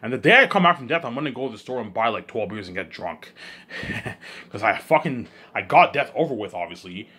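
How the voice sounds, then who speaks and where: A man talking alone in a rambling monologue, repeating himself and swinging between loud outbursts and low mumbles. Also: animated, fairly quick, slightly rough. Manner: repetitive, keeps saying "you know what I'm saying". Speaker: host of his own listening series.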